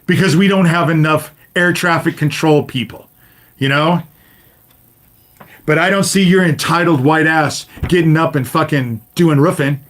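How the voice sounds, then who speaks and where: A man's voice: fairly high pitch, a bit bright. Swearing fifty-something man ranting on a livestream. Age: 50s. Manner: swears constantly, addresses viewers directly, repeats "you know?". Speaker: livestream host. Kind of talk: profane livestream rant to chat.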